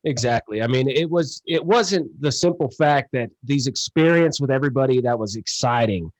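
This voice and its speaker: A man talking casually as a podcast guest, telling animated stories and acting out the conversations he recounts. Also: mid-range voice, normal speed, no room sound, low-quality recording. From USA. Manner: animated storyteller, acts out quoted exchanges, laughs often. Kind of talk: casual interview chat.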